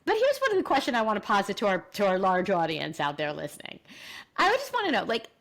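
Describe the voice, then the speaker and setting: Here a middle-aged woman talks fast at a medium pitch, co-hosting a podcast about reality TV. Her casual chat is lively and over the top, punctuated by lots of laughing.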